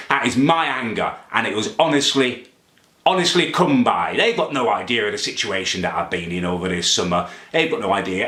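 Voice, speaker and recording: A man's voice: medium pitch, sharp tone. A man delivering an indignant, pompous comedy rant to camera. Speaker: comedy vlogger ranting in character. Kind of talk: angry rant monologue. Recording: echoey room.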